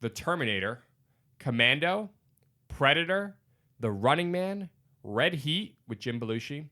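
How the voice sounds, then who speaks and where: A man hosting a casual podcast chat, his voice bright and forward. He talks with enthusiasm and swears easily as he rattles through lists of films. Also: on the high side, very animated, a little slow. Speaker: podcast host.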